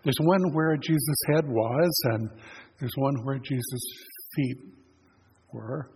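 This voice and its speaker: In a church sanctuary, a male pastor preaches, retelling a scripture story in a plain, conversational, storytelling way. His mid-range voice is slow and a little mellow, and the recording has long church reverb and faint noise.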